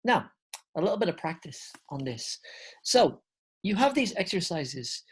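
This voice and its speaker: A woman's voice: on the low side, very animated, a little slow, darkish tone, slightly rough. A woman teaching English grammar, explaining patiently, spelling words out and checking in with "okay?".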